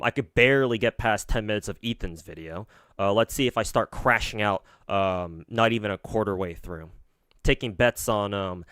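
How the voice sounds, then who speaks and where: A man's voice: lowish voice, smooth, no room sound, clean studio sound. A man streaming, reacting to a video with mocking, profane, sarcastic commentary.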